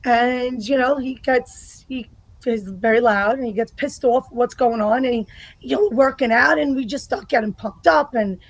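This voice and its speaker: A woman from the New York area, a guest on a podcast, talking in a blunt, profane and forceful way. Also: a little high, normal speed, dry recording, poor audio. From United States. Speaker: guest, political ranter. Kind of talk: casual podcast chat.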